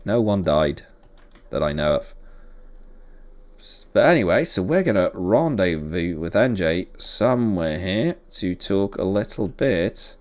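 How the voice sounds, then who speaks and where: A man's voice: sits low, a little mellow. A man hosting a game series, chatting casually and rambling with self-deprecating jokes as he plays. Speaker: let's play host. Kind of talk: casual gameplay commentary.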